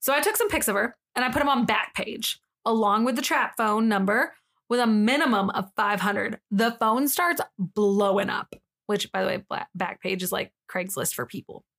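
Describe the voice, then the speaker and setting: A woman co-hosting a podcast, reading a story thread aloud in a casual, animated way, with slangy phrasing and frequent laughter. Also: mid-range voice, moderate pace, gravelly. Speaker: podcast co-host.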